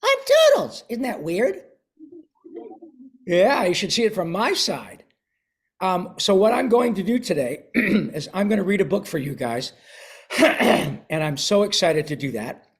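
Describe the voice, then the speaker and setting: An older voice actor, high-pitched and expressive, takes his time and pauses often as he chats and reads a picture book to a class on a video call. Occasionally he clears his throat.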